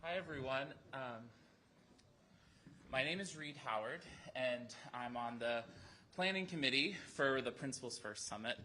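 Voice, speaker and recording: An upbeat man on the planning committee speaks to the audience at an event, thanking the last speaker and calling the next panel up. His pitch is mid range, and there is a faint hiss of background noise behind his voice. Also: lively intonation, unhurried, bright, forceful tone, rough recording. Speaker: event organizer introducing a panel. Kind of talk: event announcement.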